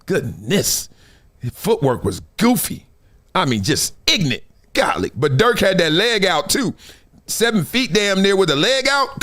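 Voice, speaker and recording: A man's voice: sits high, fairly bright tone. A man from Compton hosting a live sports talk stream in a casual, slangy, playful way, laughing often. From Compton, California. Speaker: show host.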